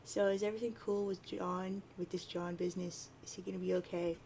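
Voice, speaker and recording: A woman's voice: fairly low pitch, level tone, fairly quick, mellow, a little hiss or hum, close to an everyday voice, poor audio. Woman reading as a laid-back teen boy. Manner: reading chat lines aloud in a near-plain voice.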